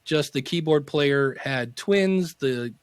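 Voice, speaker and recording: A man's voice: fairly high pitch, slow, clear, resonant tone, dry recording. A man in his fifties telling stories as a podcast guest, acting out the voices of people in them. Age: 50s. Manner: animated storyteller acting out quoted voices. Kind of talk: casual interview storytelling.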